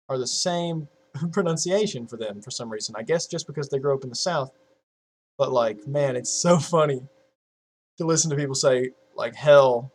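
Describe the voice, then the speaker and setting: A YouTuber in his early twenties chats casually with viewers at a home desk mic, rambling loosely at normal speed in a mid-pitched, darkish voice. He swears constantly, trails off and restarts, and laughs at his own jokes.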